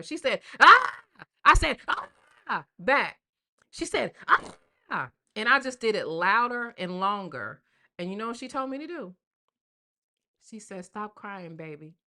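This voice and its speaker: Bright-voiced chatty grandmother host. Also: medium pitch. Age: older. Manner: chatty, slangy, addresses viewers as y'all and baby. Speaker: livestream host. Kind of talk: casual live-stream chat.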